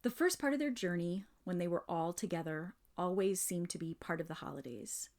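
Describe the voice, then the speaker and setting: A woman reading a children's novel aloud in measured, expressive narration. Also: fairly low pitch. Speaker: reader. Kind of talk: storybook read-aloud.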